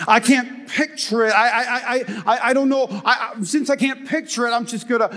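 A man in his thirties preaching a sermon as pastor, animated and joking, rising to shouts for emphasis. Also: very high-pitched, a little fast. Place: church hall. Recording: reverberant hall.

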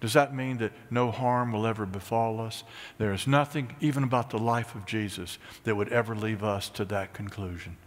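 A pastor preaching a sermon, swinging from high, excited bursts to hushed, near-whispered lines. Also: male voice, normal speed, big-room sound. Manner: animated, rising to high excited peaks then dropping to hushed near-whispers.

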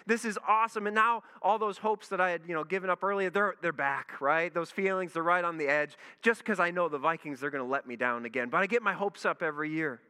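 A man, a pastor, telling a lively story in a sermon and acting out his own reactions. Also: sits high, fast, hardly any pauses, smooth. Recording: long reverb in a large hall.

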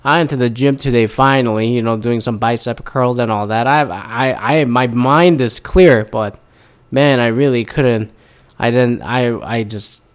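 A man with a mid-pitched voice rants loosely to camera, swearing often and piling on sarcasm. He starts and restarts sentences as he goes, and he sounds a little tired as the caffeine wears off. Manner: profane, rambling and sarcastic. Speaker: vlogger. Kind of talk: casual ranting monologue.

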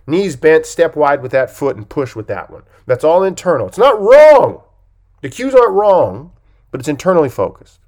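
A man who coaches, talking on a podcast in an emphatic way, with lively swings in pitch and loudness, often checking in with "okay?". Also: normal speed. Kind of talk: podcast talk.

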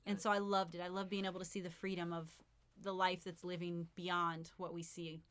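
A woman's voice: on the low side, little pitch movement, brisk, a bit bright, clear, resonant tone. A young woman from Oklahoma who grew up moving between bases, co-hosting a casual podcast chat, bubbly and teasing, laughing often. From Oklahoma, grew up in military bases. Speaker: podcast co-host.

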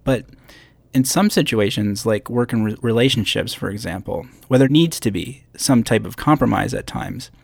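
A man's voice: medium pitch, normal speed, gravelly, a little mellow, husky, no echo. A man in his thirties from upstate New York, hosting a solo podcast from a hotel room on a podcast microphone with a pop screen, talking in a conversational way with self-deprecating asides. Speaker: podcast host.

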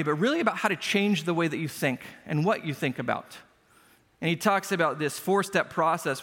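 High-voiced pastor preaching in a reverberant hall. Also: male voice, a bit bright. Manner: conversational, self-deprecating storytelling. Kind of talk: sermon. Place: church sanctuary. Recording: long church hall reverb.

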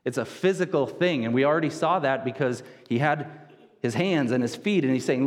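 Man in his thirties, pastor preaching, casual and conversational, mid-pitched voice, long church reverb. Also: fairly quick. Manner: conversational, casual wording, frequent word repeats. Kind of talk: sermon. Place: church sanctuary.

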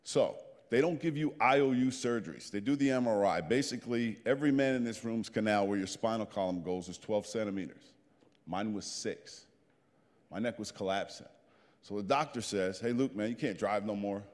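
A man in his fifties tells a story to a group in an animated, plain-spoken way. His voice sits fairly low. A long reverb of the meeting room trails each line. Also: moderate pace. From New Jersey. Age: 50s. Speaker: guest speaker.

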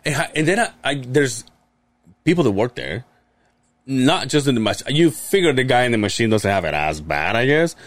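Podcast co-host, man, very lively pitch, dry close sound, profane storyteller. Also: normal speed, no echo. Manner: profane storytelling, acts out quoted people. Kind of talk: casual chat.

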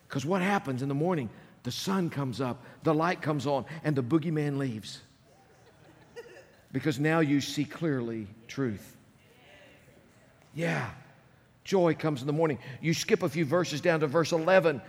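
A high-pitched male pastor delivers an animated sermon, his voice rising into loud emphasis and dropping to near-hushed phrases. The sound carries a long reverb, as from a large church sanctuary. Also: unhurried, pauses often. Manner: animated preaching, swinging between loud and hushed.

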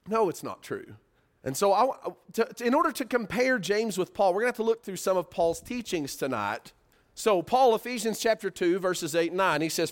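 A man preaching a Bible-study sermon, teaching with lively rhetorical questions. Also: high voice, normal speed.

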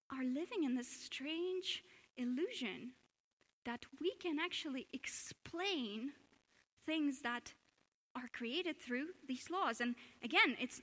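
A woman's voice: high-pitched, fairly bright tone. A woman giving an earnest public lecture at a church, asking questions and often restarting her sentences. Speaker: speaker giving a talk at a church. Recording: long hall reverb.

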